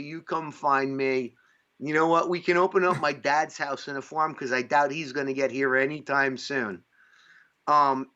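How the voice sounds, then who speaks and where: A man from upstate New York rambles through a casual podcast chat, dropping fillers and the odd swear word. His voice sits a bit high for a man. The recording sounds dull and lo-fi. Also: pushed and bright. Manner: rambling, profane, lots of fillers. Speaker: podcast host.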